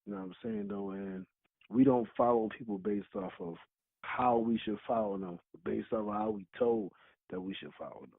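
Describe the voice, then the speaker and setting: A man's voice: lowish voice, moderate pace, vocal fry, dry recording. A man co-hosting a podcast, talking bluntly with lots of swearing and laughing while he teases his friends. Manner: blunt, profane, laughs a lot while teasing. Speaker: podcast co-host. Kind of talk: casual chat. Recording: tinny phone-like line.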